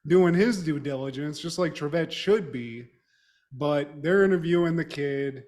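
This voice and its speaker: Brief: high-pitched man, podcast co-host, loose and profane recap, laughs often. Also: a little slow. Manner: animated, laughing storyteller, swears a lot. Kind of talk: casual profane chat.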